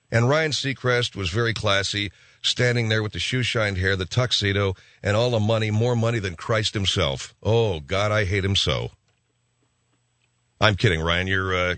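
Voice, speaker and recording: A man's voice: on the low side, a bit bright, no echo. A man hosting a radio talk show, rambling in a casual, offhand monologue full of restarts from a studio.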